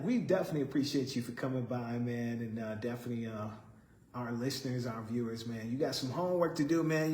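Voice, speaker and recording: A man who grew up on the west side of Chicago, hosting a radio interview in a friendly, upbeat, casual way and saying "man" often. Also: medium pitch. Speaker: radio host. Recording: echoey studio room.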